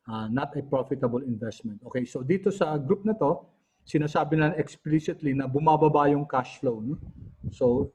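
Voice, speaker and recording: A man with a Filipino accent teaching an online class, switching between languages and pausing often with fillers and throat clearing. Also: medium pitch, warm tone. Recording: dull lo-fi audio.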